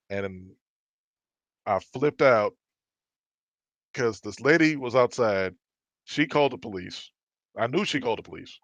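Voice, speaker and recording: Animated man telling stories, lo-fi. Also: medium pitch, unhurried, pauses often, dry recording. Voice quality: animated, acts out quoted dialogue. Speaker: podcast guest telling work stories. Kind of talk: casual storytelling chat. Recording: dry, dull lo-fi sound.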